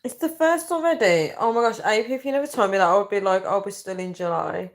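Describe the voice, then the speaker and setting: A woman's voice: medium pitch, fast. A young woman chatting casually on a live stream, rambling and reading viewer comments aloud. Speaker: livestreamer.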